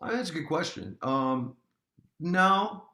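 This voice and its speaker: Male guest, easygoing, bright tense tone, roomy sound. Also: a little high, lively intonation, takes it slowly. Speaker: guest musician. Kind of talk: casual interview.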